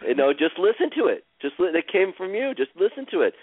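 A man guiding a caller through a healing session, slow and soothing, repeating phrases like a chant. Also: on the high side, big pitch swings, husky, no room sound. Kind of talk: guided therapeutic session. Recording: tinny phone-line sound, dry.

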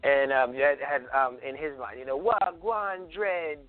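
A man from South Carolina, a guest in an interview, talking thoughtfully with many pauses and ums as he tells stories. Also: medium pitch, level tone, dry recording. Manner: thoughtful, frequent ums, storytelling. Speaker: guest, cultural preservationist. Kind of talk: conversational interview. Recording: phone-like lo-fi audio.

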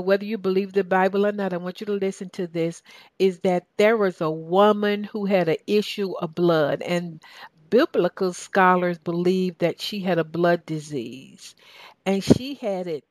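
A woman's voice: mid-range voice, a little mellow, dry recording. A middle-aged woman with a Southern US accent, preaching a sermon with emphatic repetition and questions to her audience.

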